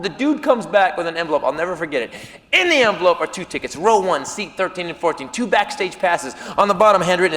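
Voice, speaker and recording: A man performing a stand-up routine, telling a story with quick, animated turns between voices. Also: a little high. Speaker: stand-up comedian. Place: comedy stage before an audience. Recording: live stage, hall reverb, faint audience.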